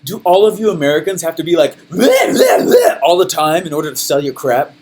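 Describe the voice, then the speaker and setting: A man voicing a rude, scornful foreign man who mocks hyped-up American salesmen, sneering and then yelling in parody. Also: a little high, fast, lightly acted. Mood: mocking. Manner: mocking, sneering, mimics hype in a loud yell.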